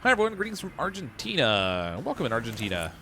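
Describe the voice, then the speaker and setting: A man's voice: mid-range voice, wildly swooping pitch, fast, background noise. A man casually chatting on a live stream while he plays a game, reading viewer comments and rambling with chuckles. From Canada. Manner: easygoing, rambling, with frequent "uh" and chuckles. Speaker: livestreamer playing a car repair game. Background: background music.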